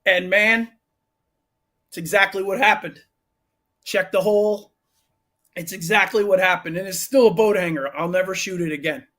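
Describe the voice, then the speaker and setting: A man's voice: sits high, normal speed, pauses often. A man who runs a gun shop and teaches firearms classes, telling a long anecdote in a casual interview with restarts and asides. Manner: animated, rambling anecdote with restarts. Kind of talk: casual storytelling in a podcast interview.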